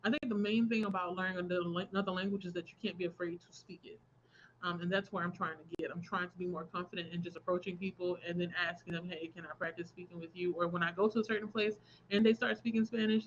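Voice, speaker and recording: A young adult woman hosting a relaxed crafting livestream, chatting casually, laughing often and reading out viewer comments. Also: lowish voice, fast talker, highs cut off, slight background noise. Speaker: livestream host. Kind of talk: casual chat while crafting.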